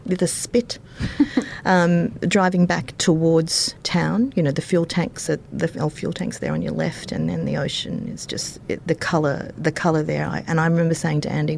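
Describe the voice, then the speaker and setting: A woman with an Australian accent, telling personal stories as an interview guest, in a rambling way with many pauses and fillers. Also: sits low, gravelly, a little hiss or hum. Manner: rambling, warm-hearted anecdotes with many ums. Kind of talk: casual interview storytelling.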